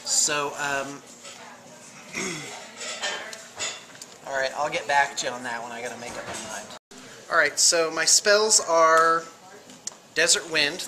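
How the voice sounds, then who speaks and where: A man hosting a tabletop battle report, chatting casually as he films it on a camera in a game store. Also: medium pitch. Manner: chatty, rambling, self-deprecating. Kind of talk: casual running commentary. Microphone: handheld video camera. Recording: camera mic with clear background noise.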